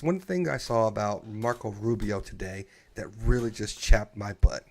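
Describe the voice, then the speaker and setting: A man hosting a casual live-streamed podcast chat, opinionated and animated, often restarting his sentences. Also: on the low side, vocal fry. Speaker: podcast host.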